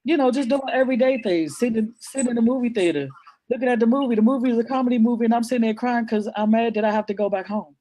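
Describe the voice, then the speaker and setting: A woman's voice: on the high side, fast talker, warm tone. A woman guest author telling her personal story in an interview, earnest and emotional, often repeating herself as she goes.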